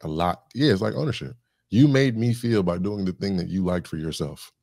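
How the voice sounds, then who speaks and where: Deep gravelly-voiced man, thoughtful. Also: fairly quick, darkish tone, no room sound, studio quality. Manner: thoughtful, talks in lists and examples. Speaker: guest, communication specialist. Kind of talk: reflective podcast conversation.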